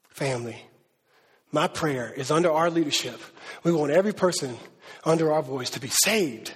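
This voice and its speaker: Male pastor, high husky voice, lively conversational preaching, large reverberant hall. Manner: conversational, animated preaching with slang and acted quotes. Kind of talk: sermon. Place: church hall.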